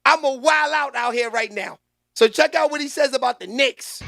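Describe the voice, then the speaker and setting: A man hosting a casual commentary vlog, loud, excitable and full of slangy trash talk. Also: extremely high pitch, moderate pace, gravelly, slight background noise. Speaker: host.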